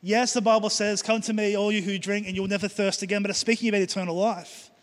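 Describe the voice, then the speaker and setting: Pastor preaching with fervour, ringing hall. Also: male voice, sits high, level tone, fast. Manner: enthusiastic, emphatic preaching with repeated phrases. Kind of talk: sermon. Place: church hall. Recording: long hall reverb.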